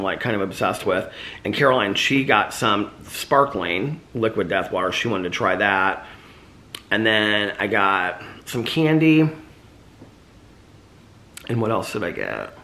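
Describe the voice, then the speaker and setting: This chatty American vlogger, mouth sore from a tooth removal, rambles through a casual daily vlog full of fillers. He has a slight lisp and a fairly low voice with a sharp tone.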